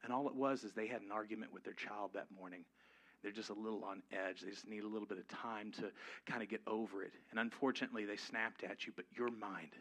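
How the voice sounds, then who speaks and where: A man's voice: fairly low pitch, fairly bright tone. A man preaching a sermon to his congregation, conversational and humorous, rising to emphatic peaks. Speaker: pastor. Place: church before a live congregation.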